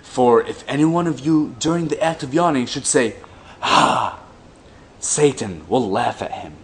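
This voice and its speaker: A man reading religious texts aloud in a slow, deliberate way, breaking off for mocking, dry asides. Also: medium pitch, expressive, slight background noise. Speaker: commentator reading hadith aloud.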